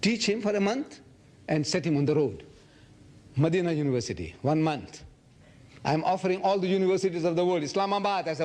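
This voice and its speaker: A man in his seventies from Africa, answering audience questions in an animated lecture and acting out quoted dialogue. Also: high-pitched, fairly quick. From South Africa. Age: 70s. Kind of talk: public lecture Q&A.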